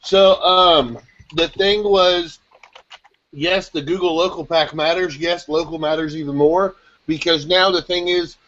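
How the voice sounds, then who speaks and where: Excitable man rambling on a video call. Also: fairly high pitch. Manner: excitable, rapid rambling explanations. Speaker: SEO chat panelist. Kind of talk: casual group video chat. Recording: dull lo-fi call audio.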